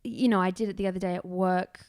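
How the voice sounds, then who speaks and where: Expressive young woman host. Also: on the low side, fast talker. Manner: expressive, acts out quotes, whispers asides. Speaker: podcast host. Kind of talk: casual podcast conversation.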